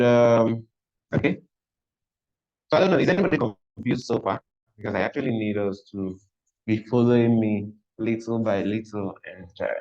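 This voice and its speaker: A man's voice: lowish voice, a little mellow. A man teaching a live coding class online, thinking aloud as he works and often repeating himself. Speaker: coding instructor. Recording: dull lo-fi audio.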